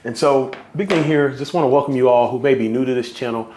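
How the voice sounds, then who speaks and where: Male podcast host, excitable and repetitive, mid-range voice. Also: mid-range voice, fast talker, slight background noise. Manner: excited, repetitive, hype-driven. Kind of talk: solo podcast talk.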